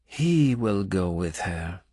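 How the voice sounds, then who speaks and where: An audiobook narrator, a man, voicing a wary, bitter foreign woman who speaks slowly and gravely with a foreign-sounding accent. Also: extremely low pitch, big pitch swings, a little mellow, dry recording, studio quality, pitched above the performer's own voice, heavily acted. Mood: bleak, wary. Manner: slow, measured, bleak delivery. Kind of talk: audiobook character voice.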